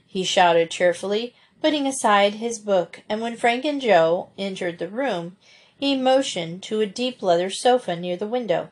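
A woman narrates a children's book aloud at a steady storybook pace. Her voice sits at a middle pitch, neither high nor low. The reading is even and clear. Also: normal speed.

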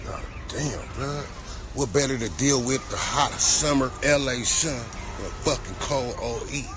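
A man's voice: medium pitch, unhurried. A young man talking casually in slangy, repetitive banter while walking outdoors on a city street, recorded on a phone. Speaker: vlogger. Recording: street noise with passing traffic.

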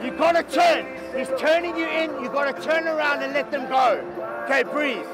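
A boxing trainer shouting short commands and encouragement to his fighter from the corner, his voice going hoarse. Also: extremely high pitch, normal speed. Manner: urgent, barked short commands, repeated yells of encouragement. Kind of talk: ringside corner coaching. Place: loud boxing arena ringside. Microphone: clip-on mic on the trainer. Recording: loud crowd and music at ringside.

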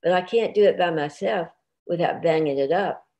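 A woman's voice: lowish voice, normal speed, mellow, lightly acted. A woman reading the part of a chatty farm wife who coaxes and pleads in folksy dialect. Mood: pleading. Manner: sweet-talking, pleading, folksy.

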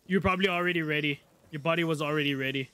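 A man streaming a video game live, excitable, swearing a lot and joking with chat. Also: fairly high pitch, vocal fry, dry recording. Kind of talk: live gameplay commentary.

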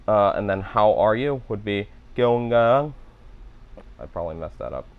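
A man's voice: fairly low pitch, expressive, moderate pace, narrow, tinny audio. A man practicing phrases from a course, repeating them and commenting on his own pronunciation in a self-deprecating, thinking-aloud way. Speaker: language learner and video host. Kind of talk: self-narrated practice session.

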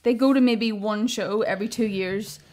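A woman's voice: mid-range voice, moderate pace, a little mellow. A woman co-hosting a comedy podcast, speaking earnestly in casual chat. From Northern Ireland. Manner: earnest, supportive, talks over her co-host. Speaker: podcast co-host.

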